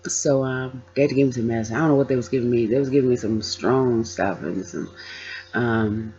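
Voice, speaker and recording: A woman's voice: very deep voice, brisk, mellow, slightly rough. A woman vlogger telling her own story casually, acting out the voices of the people in it. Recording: dull lo-fi sound.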